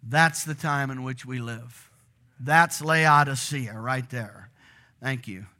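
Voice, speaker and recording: A middle-aged man preaching a sermon to a congregation in a church, animated and often asking them questions. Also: mid-range voice, slow pace. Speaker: pastor.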